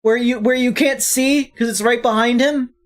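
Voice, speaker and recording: A woman's voice: on the high side, steady tone, moderate pace. A woman VTuber streamer chatting through a game playthrough in a rambling, hesitant, jokey way. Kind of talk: casual game playthrough chat. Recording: faint game music behind.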